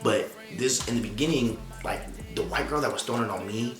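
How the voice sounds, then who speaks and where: A man's voice: medium pitch, a little fast. A young man casually retelling a story in slangy, profane language, acting out the quotes as he goes. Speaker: storytelling vlogger. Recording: roomy echo, faint music behind.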